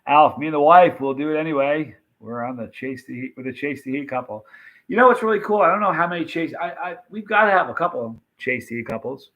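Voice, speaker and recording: A man hosting a casual live stream, reading viewer comments and rambling excitedly about old movie scenes. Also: a little high, quick pace, highs cut off. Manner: chatty, rambling, animated retelling of movie scenes.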